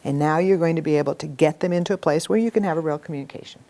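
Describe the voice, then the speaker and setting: A middle-aged woman teaching a communication workshop to a live group, talking in a lively, animated way. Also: deep voice, racing. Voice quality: animated storytelling with acted quotes. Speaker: workshop instructor.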